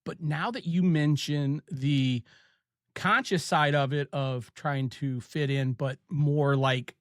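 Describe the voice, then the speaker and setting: A male podcast host with an Ohio accent tells stories in an easygoing, chatty way, tossing in quick asides and laughs. His voice is fairly high, and the sound is dry and close with no echo.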